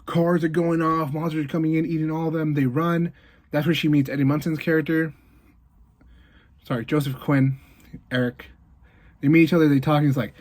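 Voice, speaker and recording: A man giving a casual movie review, retelling the plot in an animated way with lots of fillers and quick asides. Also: on the high side.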